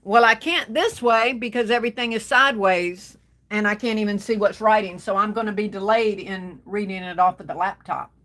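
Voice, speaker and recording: A woman's voice: medium pitch, moderate pace. A woman hosting a casual livestream, greeting viewers one by one and calling them baby and darling. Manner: warm Southern endearments, calls viewers baby and darling. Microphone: phone.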